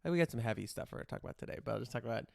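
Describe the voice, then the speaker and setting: A man's voice: mid-range voice, lively intonation, rapid-fire, creaky, a little mellow, no echo, studio quality. A man hosting a podcast, chatting in a rambling, candid way and swearing casually. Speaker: podcast host. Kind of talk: casual chat.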